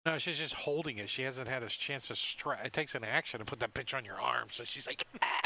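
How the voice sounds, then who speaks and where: A man playing in a tabletop game, joking and animated, swearing casually as he plays his character. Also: medium pitch, a little fast, vocal fry, poor audio. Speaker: player.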